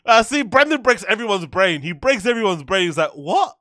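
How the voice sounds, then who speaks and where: Mocking male reaction host, high and lively voice, dry close sound. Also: a little fast, dry recording. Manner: mocking, swears freely, laughs often. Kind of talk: casual reaction commentary.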